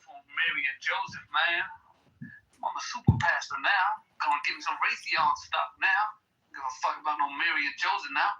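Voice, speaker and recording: A man's voice: a little high, fairly even intonation, moderate pace, sharp tone, far from the mic, lo-fi sound. A man voicing a greedy, crude male preacher who brags in drawling boasts. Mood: boastful.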